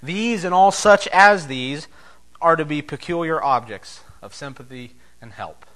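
A man preaching a sermon as pastor, emphatic, swinging between loud declarations and soft, low asides. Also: expressive, measured pace.

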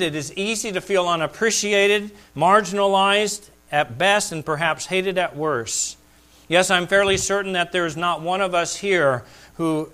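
A middle-aged male pastor preaching a sermon, swinging between loud, excited peaks and hushed, quiet asides. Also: a little high.

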